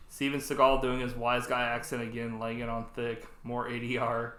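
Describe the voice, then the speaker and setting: A man's voice: mid-range voice, fairly even intonation, measured pace, pauses often, pushed and bright, echoey room. A man co-hosting a podcast, chatting casually about a movie, swearing a lot and acting out lines with laughs. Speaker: podcast co-host. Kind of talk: casual movie review chat.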